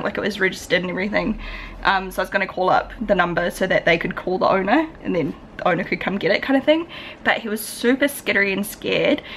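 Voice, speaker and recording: A woman's voice: mid-range voice, fairly bright tone, slight background noise. A young woman with a New Zealand accent chatting casually to camera in a home vlog, full of "like" fillers. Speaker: vlogger.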